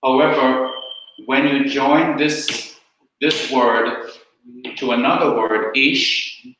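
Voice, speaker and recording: A man teaching a class, explaining slowly and repeating each point step by step. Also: medium pitch, steady tone, noisy background. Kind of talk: classroom lecture with questions. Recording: very echoey classroom.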